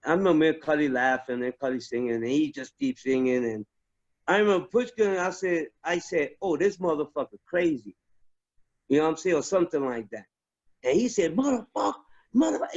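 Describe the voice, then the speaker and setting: A fairly high-voiced man tells stories from his army days in a loose, profane chat, piling on restarts as he goes. The recording sounds dull and lo-fi. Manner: profane, animated, many restarts. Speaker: guest, army veteran. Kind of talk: casual storytelling chat.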